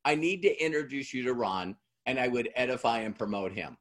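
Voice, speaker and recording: A man's voice: mid-range voice, fairly quick, hardly any pauses, fairly bright tone. A middle-aged man giving a talk to an audience in a conversational way, acting out both sides of past dialogues as he tells a story. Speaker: motivational speaker.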